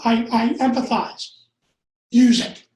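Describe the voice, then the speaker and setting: A man with a high, light voice lectures a live audience on copywriting. He keeps cracking jokes, drifts into asides and tosses out rhetorical questions. The sound is roomy and echoey, as in a seminar room. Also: steady tone, slow, a little mellow, a little hiss or hum. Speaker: copywriting workshop instructor.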